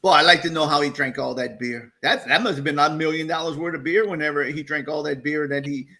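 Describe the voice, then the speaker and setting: Bright, excitable man. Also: a little high, fast. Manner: excitable, laughs often, animated. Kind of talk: casual group chat.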